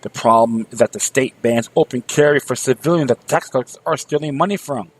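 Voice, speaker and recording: A man's voice: mid-range voice, fairly quick, a little hiss or hum, poor audio. A man hosting a political commentary talk show, sarcastic and fiery, rallying his listeners and repeating words as he starts sentences. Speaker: show host.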